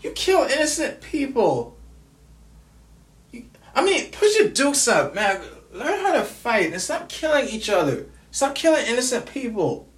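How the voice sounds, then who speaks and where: A man from the United States speaks with raw anger and grief, cursing and tripping over repeated words. His pitch swings up and down through the rant. The recording carries a roomy echo. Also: very animated, a little slow. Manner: angry, profane, stammering repetitions. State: grieving, furious. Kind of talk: angry personal vlog rant.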